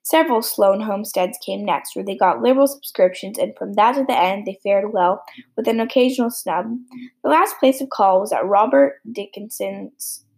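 A woman reading a classic novel aloud as an audiobook, steady with small slips. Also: medium pitch, normal speed, gravelly, slightly rough, rough recording. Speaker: audiobook reader. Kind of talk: storybook reading.

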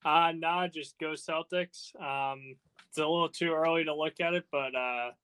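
A man's voice: a little high, steady tone, normal speed, sharp tone, clean tone, dry recording. A man co-hosting a casual sports podcast, talking in a blunt, brash, trash-talking way.

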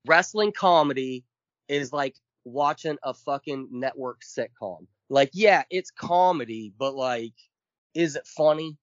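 A podcast co-host rants casually and emphatically, swearing a lot and counting off his points one at a time. His medium-pitched voice moves a little slowly, and the recording is dull, lo-fi, and dry with no room sound.

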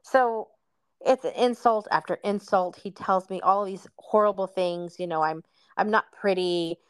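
A woman's voice: medium pitch, steady tone, measured pace, clean tone, no echo. A woman hosting a podcast, telling a personal story in a casual, candid chat. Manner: candid storytelling, calls guest "girl". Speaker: podcast host.

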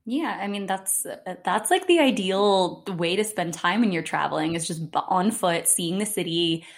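A woman co-hosting a podcast, chatting in a relaxed, supportive, advice-giving way. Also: lowish voice, moderate pace. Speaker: podcast co-host. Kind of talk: casual chat.

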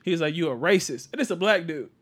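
A young man telling a work story in casual chat, animated and profane, heavy slang. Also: on the high side, fast talker.

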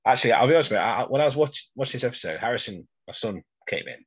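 A man's voice: mid-range voice, lively intonation, racing, slightly rough. A man in his thirties co-hosting a podcast, rambling casually with lots of hesitation and fillers. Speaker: podcast co-host. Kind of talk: casual chat.

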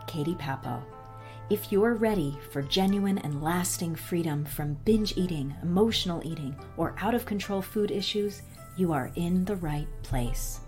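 A woman's voice: on the low side, a little mellow. A woman hosting a podcast in a playful, giggly, casual way. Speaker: podcast host.

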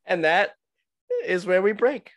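A man's voice: sits high, measured pace, dry recording, clean studio sound. A man co-hosting a podcast in casual chat, mostly short quips and laughter. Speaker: podcast co-host.

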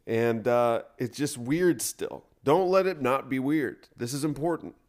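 A man's voice: mid-range voice, measured pace, darkish tone. Rambling, sarcastic male podcast host. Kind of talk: casual solo podcast monologue.

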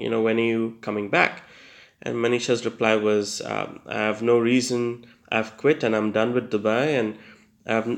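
Gravelly young man telling his story. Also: medium pitch. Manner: hesitant, many fillers and restarts; earnest storytelling with self-deprecating laughs. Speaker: testimony speaker. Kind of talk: personal testimony.

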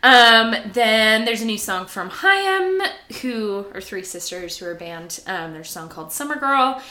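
A woman's voice: fairly high pitch, animated, a little slow, pushed and bright, roomy sound. A woman co-hosting a podcast in casual chat, chatty and giggly with many fillers. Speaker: podcast co-host.

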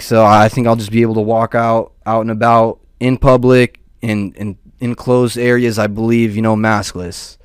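A man's voice: medium pitch, clean tone, no echo, clean studio sound. A young man rambling casually and profanely, peppering his talk with "dude" and "man". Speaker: podcast host.

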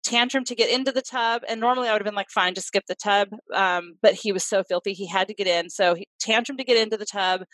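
A woman's voice: medium pitch, fast talker, few pauses, fairly bright tone, no echo, poor audio. Earnest woman explaining, dry close sound. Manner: earnest, explains with acted-out examples. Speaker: clinician and parenting expert guest. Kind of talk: conversational podcast interview.

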